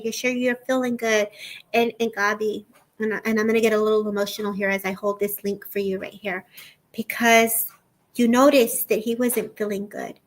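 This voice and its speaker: A woman hosting a live stream, giving soft, earnest psychic readings and speaking to viewers' departed relatives. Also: mid-range voice, rough recording. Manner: soft, earnest, repeats "I feel like". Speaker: psychic medium host.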